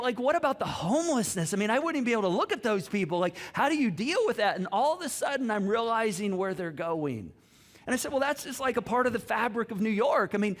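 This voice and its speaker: A middle-aged man preaching a sermon, telling stories with many restarts and quoted conversations. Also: very high voice. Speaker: pastor.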